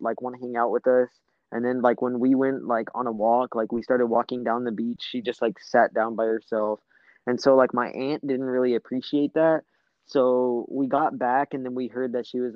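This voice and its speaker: A man's voice: medium pitch, no echo, lo-fi sound. A young man telling a long story in casual chat, rambling with lots of fillers and swearing.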